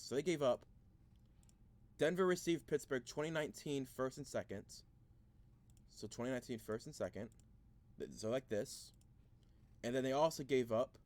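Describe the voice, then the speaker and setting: A man's voice: mid-range voice, a little mellow. A man hosting a casual sports video, thinking aloud through a mock draft, rambling and easily frustrated, with many restarts.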